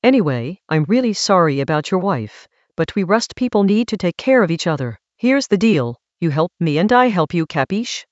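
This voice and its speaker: A man's voice: high voice, very animated, moderate pace, hardly any pauses, no room sound, muffled recording. A man voicing a suave, pushy mustached man in a lab coat, who talks theatrically and overfamiliarly. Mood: wheeling-dealing.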